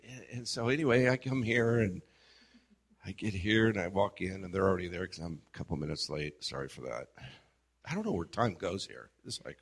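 A man sharing a personal prayer experience in a casual testimony, telling it in an animated way with acted-out quotes. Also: fairly low pitch, moderate pace, husky. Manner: animated storytelling, acts out quoted exchanges, trails off softly.

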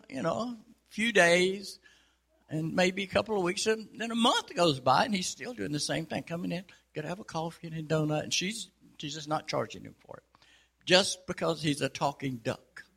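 Gravelly, husky man telling a folksy joke. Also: high-pitched, expressive, normal speed, bright, forceful tone. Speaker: storyteller.

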